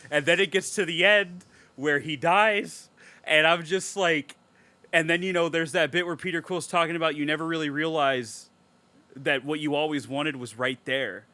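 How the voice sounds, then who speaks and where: A man's voice: a little high, moderate pace, dry recording. A man co-hosting a podcast, chatting casually and swearing a lot as he tells emotional stories. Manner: animated, profane, emotional storytelling. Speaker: podcast co-host.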